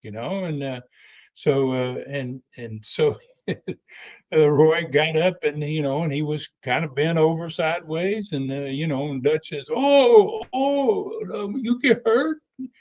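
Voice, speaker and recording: An older man and guest telling a long anecdotal story, unhurried and full of fillers and restarts. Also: fairly high pitch, darkish tone, muffled recording. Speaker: wrestling legend guest.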